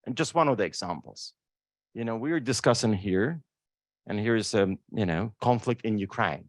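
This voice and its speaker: Emphatic animated male panelist. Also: fairly low pitch, moderate pace, no echo. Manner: emphatic, repeats "right?" often. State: emotional. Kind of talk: impassioned panel talk. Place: lecture room.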